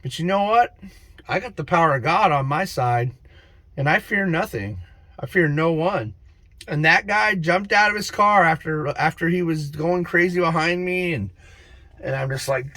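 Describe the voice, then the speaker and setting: A man giving an excitable, preachy spiritual monologue to camera as a vlogger, laughing at his own stories. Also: on the high side, normal speed, no echo.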